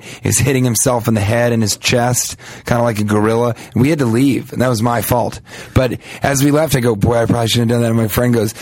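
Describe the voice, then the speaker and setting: A man co-hosting a comedy podcast, telling rambling stories in casual banter and mocking people with quick impressions. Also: mid-range voice, darkish tone, no echo.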